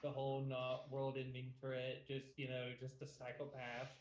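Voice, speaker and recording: A man's voice: medium pitch, completely flat delivery, normal speed, dull audio, a little hiss or hum. Hesitant man in an echoey room. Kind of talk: casual banter on a live stream.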